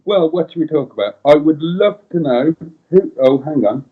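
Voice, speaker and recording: This Welsh co-host, a middle-aged man, has a voice on the high side with a breathy edge, animated and at normal speed. He chats casually on a live stream, reading out viewer comments with wry playfulness. Audio is dull and lo-fi.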